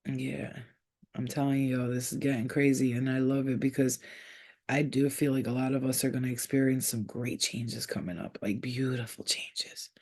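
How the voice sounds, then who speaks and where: Gravelly, profane woman vlogger. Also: very deep voice, steady tone, moderate pace, darkish tone. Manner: profane, slipping into baby talk. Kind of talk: casual chat.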